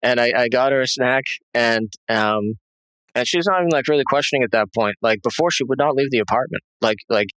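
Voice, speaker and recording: A man giving a halting, rambling personal testimony as an interview guest, full of fillers and restarts. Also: medium pitch, a bit bright, clean tone, no echo, rough recording.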